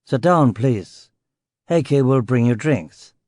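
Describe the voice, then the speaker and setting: A man plays a wealthy old ex-soldier in an audiobook, dropping his voice low and keeping it quiet and measured. He sounds cool and guarded. The recording is dry and close. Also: expressive, no room sound.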